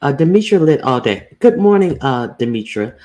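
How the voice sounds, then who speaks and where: A woman's voice: rumbling low, very animated, moderate pace, dark tone. A woman hosting a casual livestream, greeting viewers by name and talking bluntly with plenty of profanity. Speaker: livestream host.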